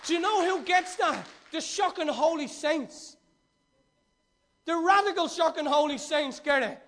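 A man preaching a fervent, storytelling sermon that swings from loud to hushed. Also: extremely high pitch, lively intonation, unhurried, a faint crowd.

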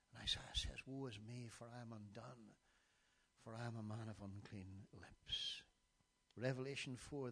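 A man's voice: mid-range voice, vocal fry, sharp tone, husky. A middle-aged man preaching a sermon, reciting scripture passages with emphasis and now and then stumbling over his words.

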